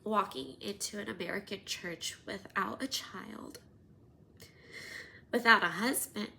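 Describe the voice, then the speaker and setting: A woman in her thirties hosting a podcast, telling personal stories in an animated, casual way, sometimes dropping to near-whispers. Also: mid-range voice, unhurried, vocal fry, a little hiss or hum. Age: 30s. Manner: animated, drops to near-whispers and laughs often. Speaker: podcast host.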